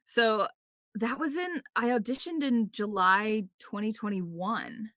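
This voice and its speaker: A woman voice actor, a guest on a podcast, chatting casually and telling quick anecdotes with playful quoted asides and lots of "like" and "um". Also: a little high, fairly bright tone, no echo, clean studio sound. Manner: frequent fillers like "like" and "um".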